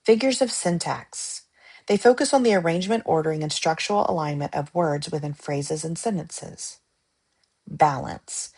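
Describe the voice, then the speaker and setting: A woman reading study-guide definitions aloud in a measured, list-like way, pausing between terms. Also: lowish voice, creaky, darkish tone, slightly rough.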